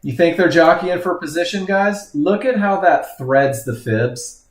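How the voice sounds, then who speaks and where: A man's voice: a little high, measured pace, echoey room. A man teaching a live trading webinar, commenting on charts and often exclaiming at what the market does. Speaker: trading instructor.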